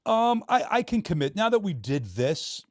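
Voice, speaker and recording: A man talking as a podcast guest, loose and joking, quick to laugh and swear. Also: sits high, big pitch swings, dry recording, clean studio sound. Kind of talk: casual chat.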